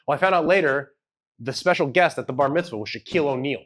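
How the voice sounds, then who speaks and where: A man's voice: on the high side, quick pace, a bit bright, a little hiss or hum. A man speaking at a live event, telling a personal story in a loose, conversational way and acting out the people he quotes. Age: adult with children. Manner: conversational, hedging, acts out quoted dialogue. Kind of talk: storytelling keynote talk. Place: event hall with audience.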